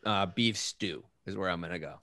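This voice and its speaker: A man's voice: low-pitched, fairly quick, sharp tone, no echo. A man hosting a casual group chat, joking and swearing.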